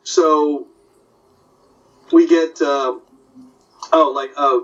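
A man who works as an animation story artist, chatting casually and telling animated anecdotes. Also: fairly high pitch, drawn-out words. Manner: animated storyteller, slips into character voices. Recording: distant, dull lo-fi audio.

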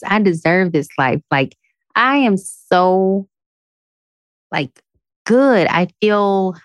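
A woman's voice: on the low side, dry recording. A woman hosting a podcast, giving an earnest, emotional motivational talk full of affirmations, speaking to her listeners like a friend. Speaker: podcast host. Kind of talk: motivational self-help talk.

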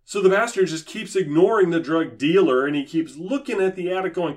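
A man's voice: high voice, lively intonation, brisk, hardly any pauses. A man giving impassioned religious commentary, sarcastic and emphatic in a preachy manner. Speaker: Christian commentator.

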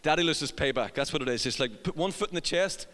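A man's voice: on the high side, lively intonation, quick pace, fairly bright tone. A middle-aged man preaching a sermon, telling a funny family story and acting out the voices. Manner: humorous storyteller, acts out voices, laughs at own jokes. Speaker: pastor. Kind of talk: sermon with personal anecdote. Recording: long reverb of a hall.

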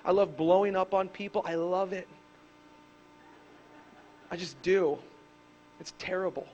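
A man preaching a sermon to a live congregation, swinging between loud emphatic bursts and hushed asides. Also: high voice, steady tone, unhurried, highs cut off, a little hiss or hum. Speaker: pastor. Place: church service with a live congregation.

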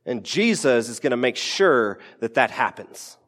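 A man's voice: medium pitch, very animated, a little slow, fairly bright tone. A man preaching a sermon as a pastor in a casual, conversational way, with playful asides and acted-out quotes. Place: church sanctuary. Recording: church hall with long reverb.

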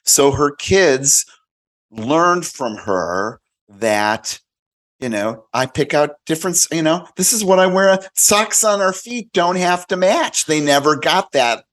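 A man as a podcast guest telling animated stories in casual chat, acting out quoted voices. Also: fairly high pitch, slow.

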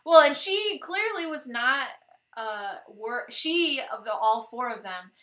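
A woman's voice: high voice, animated, takes it slowly, sharp tone, roomy sound. A woman co-hosting a podcast, chatting about a film and jumping in to finish others' sentences. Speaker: podcast host. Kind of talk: casual film discussion.

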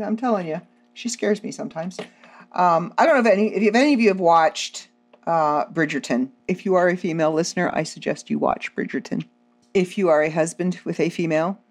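A woman podcast host telling funny stories about her own life in a casual, self-deprecating, animated way. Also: lowish voice, brisk. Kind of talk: casual comedic storytelling.

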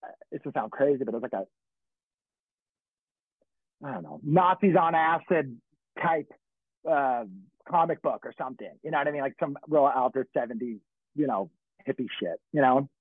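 A man's voice: mid-range voice, normal speed, long pauses, breathy edge, no echo. A middle-aged man from California telling stories in casual chat, rambling and swearing with many restarts. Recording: tinny phone-like dry sound.

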